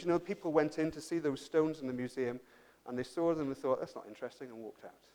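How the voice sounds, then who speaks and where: A man preaching a sermon, swinging from raised, emphatic calls down to hushed, almost whispered phrases, often repeating words as he restarts. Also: on the high side, quick pace.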